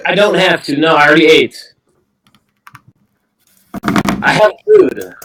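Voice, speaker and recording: A man's voice: on the high side, huge pitch swings, a little fast, a bit bright, slight background noise, rough recording. Sardonic man in casual voice chat.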